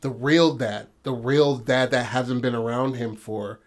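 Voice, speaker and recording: A man's voice: mid-range voice, steady tone, a little slow. A man co-hosting a podcast, telling a story in a rambling, casual way and swearing freely. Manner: rambling, full of "you know what I mean", swears freely. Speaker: podcast co-host.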